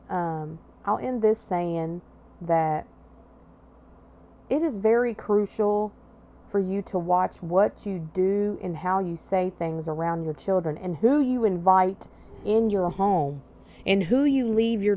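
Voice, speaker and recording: A woman's voice: on the low side, slow pace, dark tone. Blunt, profane woman telling her story. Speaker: podcast host. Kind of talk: personal storytelling monologue.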